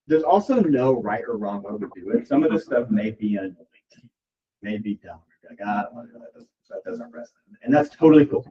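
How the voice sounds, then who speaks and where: A man of middling pitch talks to his team from some way off the microphone, loose and chatty, circling back with "like" as he urges them on. The sound is dull and lo-fi, with the room around him clearly audible. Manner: casual, rambling, peppered with "like". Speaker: real estate team leader. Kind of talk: motivational talk at a team meeting. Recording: distant, dull lo-fi room recording.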